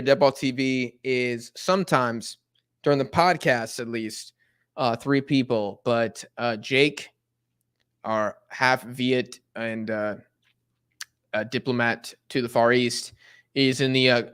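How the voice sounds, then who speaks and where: A young American man with a clean, medium-pitched voice hangs out on a live soccer watch-along stream. He's animated and slangy, reading viewer messages aloud in a loose way.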